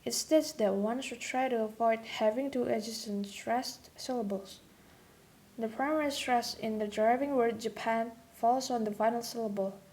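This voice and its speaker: Slow, careful young woman presenting. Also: on the high side, darkish tone. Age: young adult. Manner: slow, careful, repeats example words. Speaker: student presenter. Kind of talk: read-aloud class presentation.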